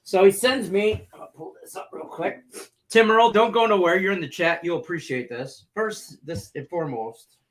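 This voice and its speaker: A man co-hosts a sports betting talk show in loose, casual chat. His voice sits a little high, and he tells rambling, jokey stories with a lot of animation. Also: moderate pace, fairly bright tone.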